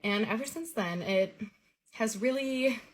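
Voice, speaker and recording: A woman's voice: on the high side, a little slow. A woman earnestly recounting a vivid personal dream story in a casual way. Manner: earnest, vivid retelling with lively quoted dialogue.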